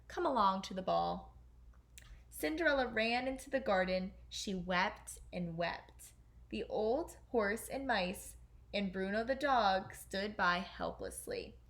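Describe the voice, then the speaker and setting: A woman teacher reading a children's storybook aloud, slowing down and softening at the sad parts. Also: medium pitch.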